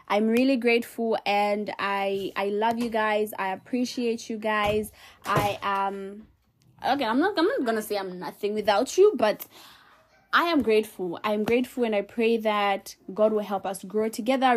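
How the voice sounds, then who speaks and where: Animated young woman podcaster. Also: a little high. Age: 20s. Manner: animated, preachy and playful. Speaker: podcast host. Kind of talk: casual solo podcast talk.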